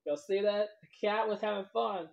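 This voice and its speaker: A woman's voice: medium pitch, moderate pace, vocal fry, a little mellow. A woman vlogger telling a children's story, rambling loosely and talking to the kids as boys and girls. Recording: dull lo-fi recording.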